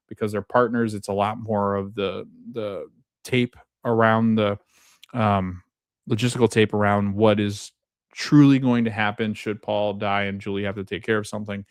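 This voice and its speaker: Male podcast host, slightly low voice, dry close sound, casual recap delivery, filler-heavy and laughing. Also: smooth, dry recording. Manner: chatty, many fillers, laughs often while retelling scenes.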